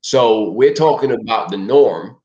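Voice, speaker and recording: A man co-hosting a relationship talk show, animated and acting out people in voices. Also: unhurried, highs cut off. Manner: animated, acts out people in shouted high put-on voices. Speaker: podcast co-host.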